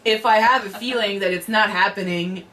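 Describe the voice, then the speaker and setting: A woman hosting an anime reaction chat, animated, swearing freely and restarting her sentences. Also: mid-range voice, fairly quick, poor audio.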